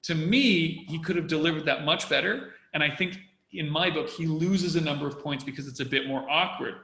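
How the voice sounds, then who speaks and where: A man talks through a critique of political speeches in a measured, analytical way. His voice sits a little high and sounds bright and forceful. The room around him rings with echo. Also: creaky. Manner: measured, acts out phrasings to make a point. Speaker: public speaking commentator. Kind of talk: analytical discussion.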